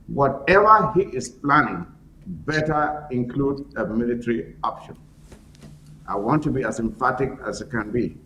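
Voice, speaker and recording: Man caller from Anglophone Cameroon, emphatic political commentary, medium pitch, roomy sound, faint background noise. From Ambazonia (Anglophone Cameroon). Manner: forceful, repeats his key points for emphasis.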